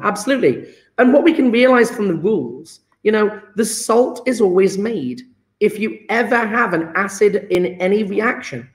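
A man's voice: sits high, reverberant. A man teaching a chemistry lesson online, encouraging and upbeat, cracking jokes with his students.

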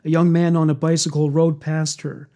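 A man with a fairly high but mellow voice reads a dark true story aloud. His delivery is steady and measured, with a quiet intensity. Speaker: narrator. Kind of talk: scripted true-crime narration.

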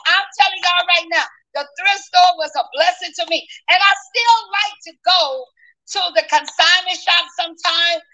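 Bright, high-voiced woman preaching. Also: moderate pace. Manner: lively, calls out to the congregation. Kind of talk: sermon. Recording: dull lo-fi sound.

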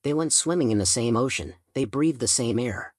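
A man's voice: medium pitch, moderate pace, dry recording, clean studio sound, natural voice. A man doing an earnest, patient teenage history buff.

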